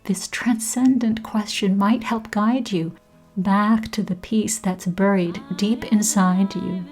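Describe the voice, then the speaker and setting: Woman podcast host, unhurried intimate narration slipping into whispers, soft music underneath. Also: medium pitch, steady tone, low-quality recording. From Canada. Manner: slow, soft and intimate, often dropping to a whisper. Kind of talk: scripted reflective narration.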